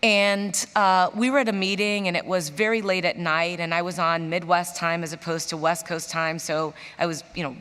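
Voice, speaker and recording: A woman in her forties from Chicago, telling stories as a guest in a stage interview, animated and acting out the voices of people she quotes. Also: lowish voice, normal speed, hardly any pauses, clean tone. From Chicago, USA. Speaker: interview guest, business executive. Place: large conference hall on stage. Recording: reverberant conference hall.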